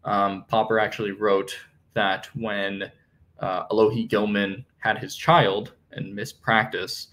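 A man's voice: on the low side, little pitch movement, takes it slowly, a bit bright. A young man hosting a sports podcast, talking casually through team news with many fillers and restarts. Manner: conversational, many fillers and self-corrections. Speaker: podcast host. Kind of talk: solo sports podcast analysis.

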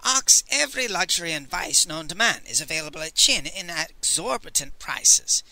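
A man's voice: fairly high pitch, lively intonation, normal speed, vocal fry, pushed and bright, no echo, full character voice, rough recording. Master Li, a man doing a wry old sage. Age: older. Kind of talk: audiobook character voice.

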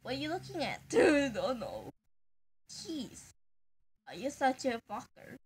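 A woman jokes around in playful reaction banter, teasing and swearing between giggles. Her voice sits high and swoops wildly up and down, and she takes her time with the words. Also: wildly swooping pitch, takes it slowly, slight background noise. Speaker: fan video maker.

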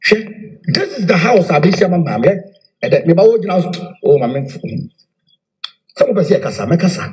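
A man's voice: high-pitched, moderate pace. A man with a Ghanaian accent giving a heated address, repeating himself and mixing in English. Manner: animated, repeats phrases, mixes in English. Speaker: self-styled spiritual leader. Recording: echoey room.

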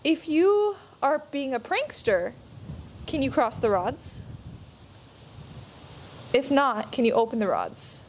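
Ghost-hunting vlogger, woman, high bright voice, asks spirits questions slowly, faint hiss behind. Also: big pitch swings. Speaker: paranormal investigator. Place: in a tower at night.

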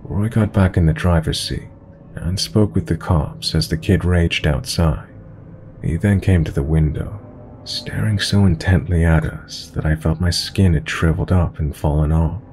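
Deep gravelly guy reading a horror story, dark mellow tone, faint hiss behind. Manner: low, steady storytelling with quoted dialogue. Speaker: narrator. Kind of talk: scripted horror story narration.

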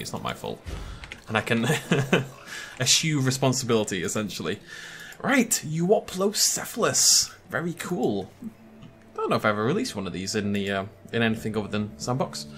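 Brief: young gaming commentator, animated delivery, bright and forceful, chatty and self-amused. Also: male voice, fairly low pitch. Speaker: gaming YouTuber. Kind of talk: casual gameplay commentary.

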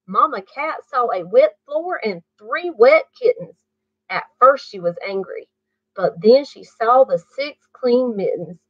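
A woman reading a bedtime story aloud to children, pausing to ask the listener questions. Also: on the high side, lively intonation, no room sound. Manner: slow, asks the listener questions. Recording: muffled dry recording.

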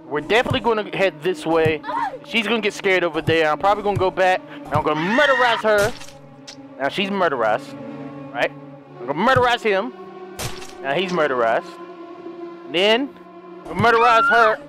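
A man giving excitable let's-play commentary on a puzzle game, shouting and joking at the characters. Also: high-pitched, brisk, long pauses. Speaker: gaming commentator. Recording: game music behind voice.

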